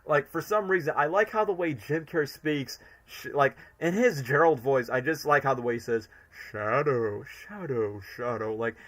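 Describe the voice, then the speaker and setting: A man's voice: on the high side, normal speed, hardly any pauses, a bit bright. A young man chatting on a live stream, rambling enthusiastically with lots of fillers. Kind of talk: casual live-stream commentary.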